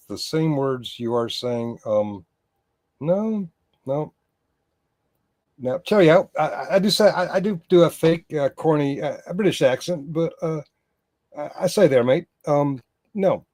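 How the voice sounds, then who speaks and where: A man's voice: mid-range voice, darkish tone, no room sound. A man doing live-stream commentary, rambling and sarcastic, growing heated, with many restarts.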